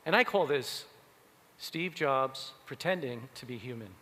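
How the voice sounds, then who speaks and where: A man giving a keynote talk, telling stories in an animated way. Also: medium pitch, unhurried. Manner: animated, acts out quoted voices. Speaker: keynote speaker. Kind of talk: keynote storytelling. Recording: long hall reverb.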